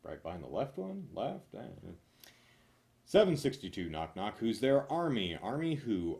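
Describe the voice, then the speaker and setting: Low-voiced man rattling off knock-knock jokes, swings up loud on punchlines, mutters asides. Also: a little slow, vocal fry. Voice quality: animated, jumps between loud punchlines and mumbled asides. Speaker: comedian reading jokes. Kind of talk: rapid-fire joke reading.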